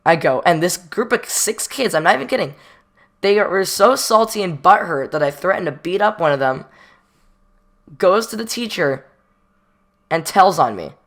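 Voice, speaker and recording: A man's voice: high voice, lively intonation, normal speed, long pauses, a bit bright. A guy telling a casual storytime about his day, rambling and slangy, acting out the dialogue and joking at his own expense. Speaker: storytime vlogger.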